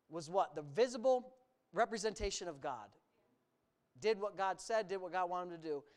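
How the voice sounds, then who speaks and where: Key words get stretched and sarcastic remarks dropped in as a preacher delivers an emphatic, animated sermon. The pitch is very lively, rising and falling all the time.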